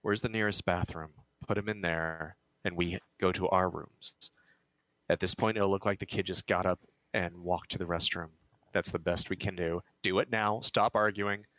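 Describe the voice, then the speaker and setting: A man's voice: deep voice, steady tone, normal speed, fairly bright tone, no echo, poor audio. A man playing a tabletop game who talks bluntly and gives commands. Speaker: player.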